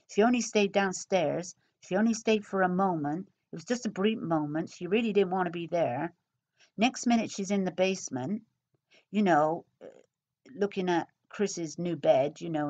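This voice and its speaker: A woman's voice: on the low side, darkish tone. A woman giving casual recorded commentary on a true crime case, chatty and repetitive, speculating aloud with asides.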